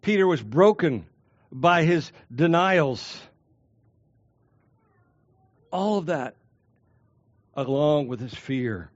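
A man preaching an expository sermon as a pastor, earnest and emphatic, slowing down to stress key phrases. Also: a little high, animated, dry recording, highs cut off.

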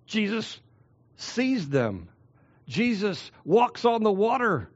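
A man preaching a sermon as a pastor, swinging between loud declarations and hushed, drawn-out phrases. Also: high-pitched, sing-song, breathy edge, lo-fi sound.

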